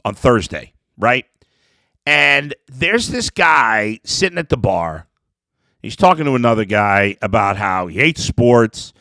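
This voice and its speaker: Man, sports talk host, emotional rambling rant, gravelly edge. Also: medium pitch, no echo. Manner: emotional, animated, rambling with restarts. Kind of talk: opinionated sports talk monologue.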